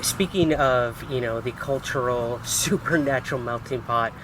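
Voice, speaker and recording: Guy hosting an interview outdoors, curious and chatty, cars going by clearly. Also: mid-range voice, normal speed. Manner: conversational, curious. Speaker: host, interviewer. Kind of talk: casual interview questions. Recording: outdoors with clear traffic noise.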